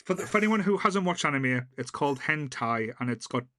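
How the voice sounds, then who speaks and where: A man's voice: on the high side, animated, brisk, bright, forceful tone. A man with a British accent hosting a casual podcast, joking and laughing often. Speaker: podcast host.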